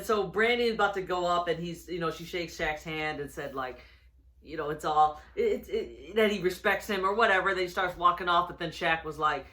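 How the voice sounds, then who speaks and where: A bright, forward voice belongs to a casual reviewer talking through a wrestling episode. The delivery rambles, full of fillers, restarts and small chuckles, at a middling pitch.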